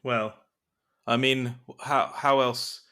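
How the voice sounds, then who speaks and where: A man playing a tabletop game, speaking in character in a halting, formal way. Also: mid-range voice, steady tone, bright, forceful tone. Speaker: player voicing a librarian. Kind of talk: in-character tabletop role-play.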